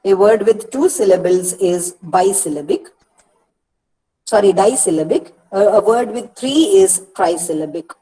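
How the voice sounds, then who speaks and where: Woman lecturer, patient, mid-pitched, repeats key words. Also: warm tone, rough recording. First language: Malayalam. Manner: explains patiently, repeats words slowly, corrects herself. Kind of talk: recorded lecture.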